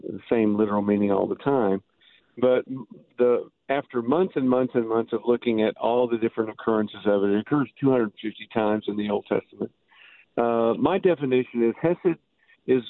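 A man, an author and Bible scholar, explaining things as an interview guest, halting, with many restarts and fillers. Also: mid-range voice, dry recording. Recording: dry tinny phone line.

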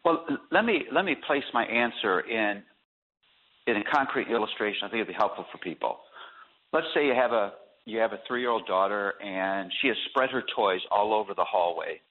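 A man guest on a radio interview, explaining his ideas through animated stories and acted examples. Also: lowish voice, moderate pace. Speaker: author and guest. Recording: tinny phone-line audio.

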